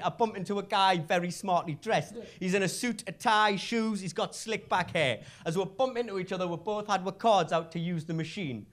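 Bright, high-voiced Northern English comedian. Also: male voice. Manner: brisk, punchy delivery with filler "uh"s. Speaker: stand-up comedian. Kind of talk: stand-up storytelling.

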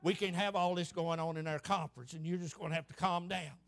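A stuffy old preacher man, as a pastor puts him on, leans in to scold in a low, hushed murmur. He is prim and disapproving, dropping his voice well below his normal speech. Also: fairly even intonation, fast, gravelly.

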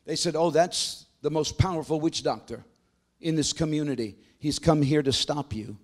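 High-voiced preaching man. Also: moderate pace. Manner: dramatic storytelling preacher, builds to forceful proclamation. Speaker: pastor. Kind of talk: sermon.

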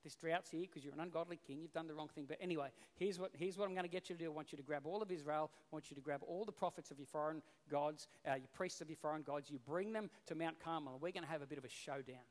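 A man's voice: fairly high pitch, fast talker, hardly any pauses, pitched below the performer's own voice, natural voice. A man voicing a bold, blunt male prophet who talks in a casual, matter-of-fact way. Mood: defiant. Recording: long reverb in a hall.

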